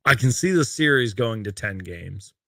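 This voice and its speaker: A man's voice: lowish voice, expressive, a little slow, creaky, bright, forceful tone, no room sound, studio quality. A man hosting a casual sports livestream, reading out game stats and viewer comments in a loose, rambling way. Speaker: sports fan livestream host. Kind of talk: casual live-stream chat.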